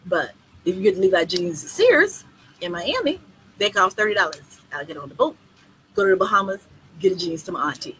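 Brash woman tour organizer, foul-mouthed and lively, bright voice, faint background noise. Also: medium pitch, fairly quick, low-quality recording. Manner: blunt, profane and animated. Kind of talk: casual live video Q&A.

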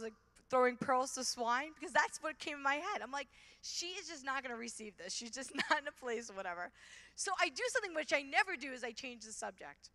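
A woman speaking at a conference, telling a faith story as a youth minister and acting out conversations. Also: high-pitched. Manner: animated, acts out dialogue with voices.

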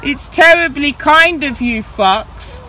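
A woman voicing a small, brave brown mouse in a family storybook reading, with loud, emphatic delivery. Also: sits high, expressive, slow, a little hiss or hum, pitched above the performer's own voice, heavily acted, poor audio. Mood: bold.

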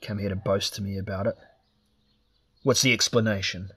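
A man's voice: lowish voice, steady tone, moderate pace, a bit bright, slightly rough. Man doing a sneering barbarian warlord. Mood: mocking. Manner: harsh, contemptuous.

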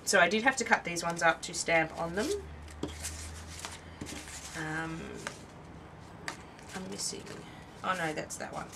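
This craft channel host, a tired Australian woman, speaks unhurriedly with a fairly low, gravelly voice and pauses often. She rambles chattily through her show-and-tell and cuts herself off mid-sentence, heard via a distant mic over background noise.

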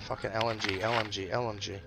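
A man's voice: on the low side, fairly even intonation, fast, gravelly, a crowd in the background. A young man streaming a game with friends, joking and swearing as he teases his squad over a headset. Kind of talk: casual gaming chat.

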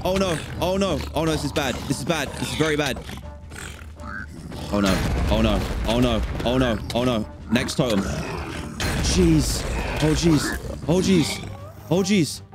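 A young man hosting a gaming channel, giving let's-play commentary and swinging between calm chatter and panicked yelps. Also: mid-range voice, a little slow, long pauses, over loud music.

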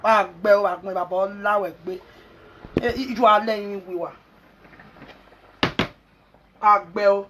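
A woman's voice: medium pitch, steady tone, unhurried, pauses often, noisy background. A Nigerian woman vlogger ranting angrily and scolding, mixing in pidgin. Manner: angry, scolding, mixes pidgin and Yoruba. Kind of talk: angry rant.

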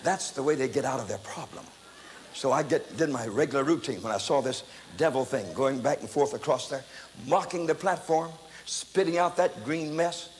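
An older man preaching a testimony sermon, telling his story in an animated, dramatic way that breaks into loud exclamations. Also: mid-range voice, normal speed. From United States. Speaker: evangelist preacher. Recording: echoey hall, faint background noise.

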